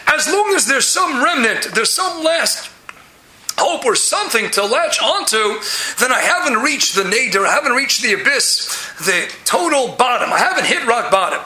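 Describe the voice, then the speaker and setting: A man giving a Talmud class in an animated way, often rising into loud emphasis. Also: extremely high pitch, normal speed, echoey room, slight background noise, poor audio. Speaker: Torah teacher.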